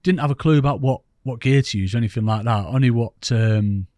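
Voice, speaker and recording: A man's voice: mid-range voice, fairly quick, warm tone, no room sound, clean studio sound. A man from England, a podcast guest and angler, telling stories in a chatty, rambling, self-mocking way. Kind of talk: casual storytelling interview.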